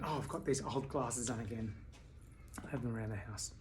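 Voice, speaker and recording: A tired woman speaking candidly at home in a personal video diary, halting, with many restarts and fillers. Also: very deep voice, a little mellow, a little hiss or hum. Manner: candid and confessional. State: tired from sleepless nights. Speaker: vlogger.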